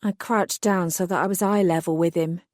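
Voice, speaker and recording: A woman narrating a paranormal romance audiobook in the first person with measured, wry delivery. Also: lowish voice, steady tone, darkish tone, no room sound, clean studio sound.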